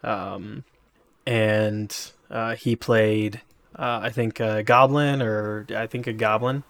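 A man co-hosting a podcast, retelling a game moment in a rambling, animated way with many fillers. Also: fairly low pitch, slow pace. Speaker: podcast co-host. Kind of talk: casual chat.

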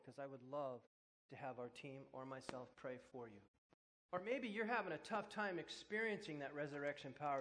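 A man's voice: fairly high pitch, a bit bright, in a large hall. A man preaching to a church congregation, telling a personal story and then leading an earnest, prayerful altar call. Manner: earnest, prayerful, builds in intensity when moved. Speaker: pastor. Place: church sanctuary.

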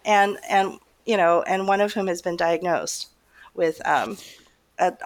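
A woman's voice: fairly low pitch, unhurried. A middle-aged woman talking casually as a guest, laughing often and rambling with many fillers. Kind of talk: casual conversation.

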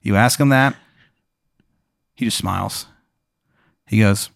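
A man's voice: fairly low pitch, takes it slowly, creaky, no echo, studio quality. A man hosting, improvising a comic second-person story with a rambling, filler-heavy delivery. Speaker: host.

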